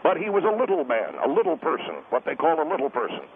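A man's voice: on the high side, wildly swooping pitch, fast, creaky, a little hiss or hum, full character voice. A man voicing a pompous middle-aged taxpayer advocate who calls in to a radio show, lecturing and refusing to be interrupted. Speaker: caller guest. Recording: tinny phone line.

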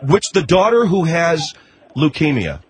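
A man's voice: fairly high pitch, very animated, unhurried. A man hosting a call-in radio show, skeptical and questioning, cutting in on the caller. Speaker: radio host.

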